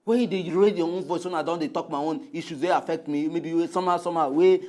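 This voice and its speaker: A man with a Nigerian accent co-hosting a comedic argument show, loudly heated and refusing to lower his voice. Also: fairly even intonation, fast. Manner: loud, heated, insists on raising his voice. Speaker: comic co-host.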